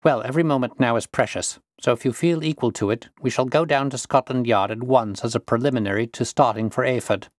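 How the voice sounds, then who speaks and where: A man reading the part of a calm, confident detective who explains his reasoning in measured tones. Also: mid-range voice, no echo, studio quality, close to an everyday voice. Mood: assured.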